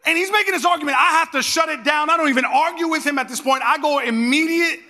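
A man in his thirties preaching a sermon as a pastor, telling a personal story in a lively, conversational way and talking straight to the congregation. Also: extremely high pitch, fast talker, big-room sound.

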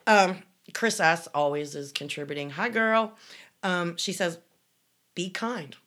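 A woman's voice: fairly low pitch, measured pace, a bit bright. A middle-aged woman co-hosting a casual chat show, reading listener comments and telling blunt, swearing stories. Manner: blunt, storytelling, swears freely.

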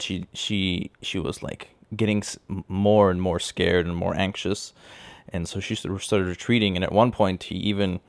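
A young man casually rambles through a personal anecdote, correcting himself along the way. His deep, creaky voice stays fairly even in intonation at normal speed, and the recording is dry.

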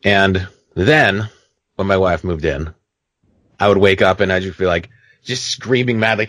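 A young man co-hosting a casual podcast, telling stories with lots of swearing and acting out his own panicked shouts. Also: deep voice, measured pace, no room sound. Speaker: podcast co-host.

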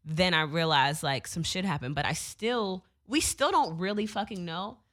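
Young woman, lower voice, loose and animated anecdote delivery with frequent filler words and swearing. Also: moderate pace. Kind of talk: casual storytelling.

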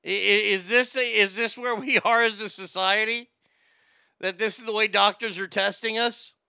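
Gravelly, profane, ranting man. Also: sits high, fairly even intonation, moderate pace, pushed and bright, dry recording. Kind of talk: comedic rant reacting to news and chat.

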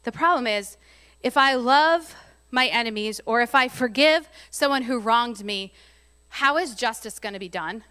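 A woman's voice: fairly high pitch, normal speed, sharp tone, clear, resonant tone. A woman preaching a casual, conversational sermon, often laughing and reading scripture aloud.

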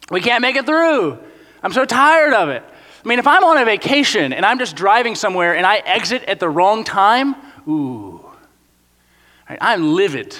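A man preaching a conversational sermon. He acts out complaining voices and talks in a lively, animated way. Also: high-pitched. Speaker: pastor. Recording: long reverb of a large hall.

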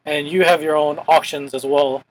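A young man from Hawaii hosts a casual chat show, his voice sitting a little high for a man. He rambles along, stacking "like" into almost every phrase. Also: steady tone, normal speed, rough recording. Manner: rambling, heavy use of "like" as filler. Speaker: podcast host.

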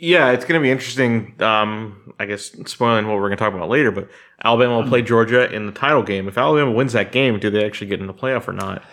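A fairly low-voiced man chats about college sports on a podcast. He weighs each point in a measured, opinionated way, often pausing on "um.". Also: a bit bright. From Southern California. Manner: measured, opinionated analysis with "um" fillers. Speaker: podcast co-host. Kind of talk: casual sports chat.

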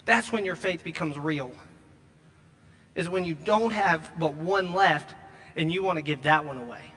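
High, bright-voiced man preaching. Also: in a large hall. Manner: emphatic preaching with repeated phrases and slow stressed lines. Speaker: pastor. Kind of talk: sermon.

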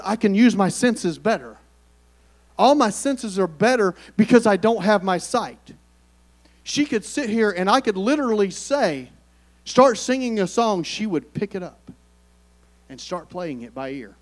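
High-voiced preacher. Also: male voice. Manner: conversational, calls on the congregation to respond. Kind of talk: sermon.

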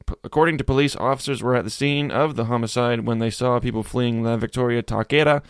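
A man's voice: mid-range voice, level tone, fast talker, smooth, no echo, clean studio sound. A man co-hosting a comedy podcast, reading news articles aloud with wry, sarcastic asides. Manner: wry and sarcastic, swears, breaks into goofy voices. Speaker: podcast co-host.

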